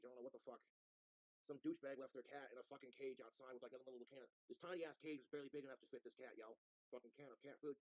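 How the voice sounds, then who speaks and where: A man casually reviewing fast food for viewers in a slangy, profane, rambling way. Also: medium pitch, a little mellow, no room sound, poor audio.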